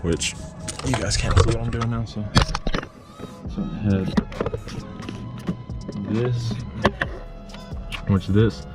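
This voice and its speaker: A man's voice: medium pitch, takes it slowly, long pauses. A man talking through a repair on his truck while he works, rambling and out of breath from being sick, recorded on an action camera with music behind. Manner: rambling, self-interrupting, talks to the camera. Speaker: car repair vlogger. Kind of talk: casual how-to narration while working.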